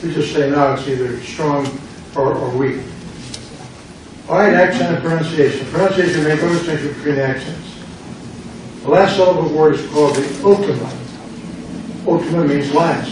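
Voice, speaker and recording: An older American man, a pastor, teaching a Greek class, quizzing students, repeating words and making playful puns. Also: on the high side. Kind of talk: classroom lesson with drills. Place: church classroom. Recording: very echoey room, mic far off, noise.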